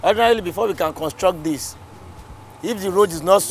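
A man's voice: high voice, brisk. Man explaining a local project. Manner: explanatory, checks in with listeners. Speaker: community development official. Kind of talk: on-site project briefing.

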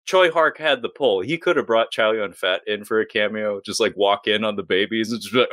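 A man's voice: lowish voice, fairly quick, a bit bright, no room sound. A man on a film podcast, chatting casually and sarcastically, laughing often and acting out scenes. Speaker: podcast panelist. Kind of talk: casual film-review chat.

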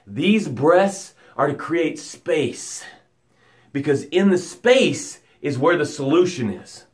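A man hosting a live motivational broadcast as a life coach, talking dramatically and guiding slow breaths, swinging from loud emphasis to a hushed voice. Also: a little high, big pitch swings.

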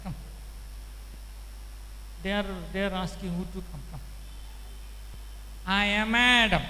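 A man preaches in a high, bright voice, slow and deliberate. He throws questions at the crowd and pushes them to answer louder. The sound echoes through a large shrine hall with faint background noise. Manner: rhetorical, pushes audience to respond. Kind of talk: lively sermon to a crowd.

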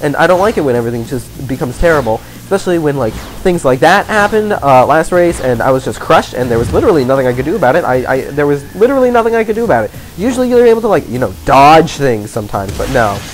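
A man with a high voice records let's play commentary, his pitch swinging widely from mutters to yells. He rants in exasperation and swears at the game. Faint game music plays behind him. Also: big pitch swings, fast talker, hardly any pauses. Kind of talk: gaming commentary.

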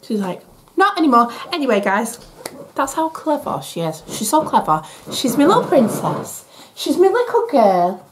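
A woman's voice: a little high, big pitch swings, moderate pace, noisy background. A young woman talking to camera in a family vlog, gushing and sing-song as she coos at her children. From England. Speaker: family vlogger. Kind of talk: casual vlog talk to camera. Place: shops and home.

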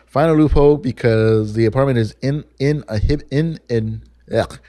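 A young man hosting a podcast, telling a story in a casual, profane, animated way and acting out the people he quotes. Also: medium pitch, normal speed, no echo, clean studio sound, soft background music. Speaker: podcast host.

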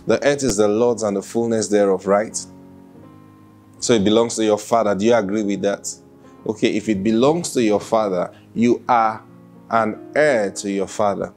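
A man preaching a sermon, lively with laughs and acted-out quotes. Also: lowish voice, moderate pace, soft background music. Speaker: pastor.

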